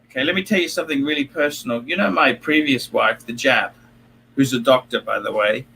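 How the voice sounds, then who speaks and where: A man's voice: mid-range voice, fairly quick, gravelly, bright, forceful tone, slight background noise, rough recording. A middle-aged man hosting a livestream while drunk, rambling, swearing and getting emotional. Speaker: livestream host.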